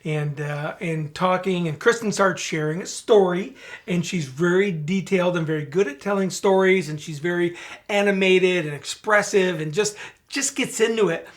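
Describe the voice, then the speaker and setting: A man's voice: high-pitched, normal speed. Earnest man podcast co-host. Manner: earnest, storytelling, to-the-point. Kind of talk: casual chat.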